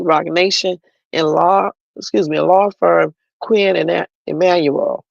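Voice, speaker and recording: A man's voice: sits high, gravelly, dry recording, highs cut off. A man hosting a livestream, giving chatty, opinionated commentary on the news and talking straight to his viewers. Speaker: livestream host.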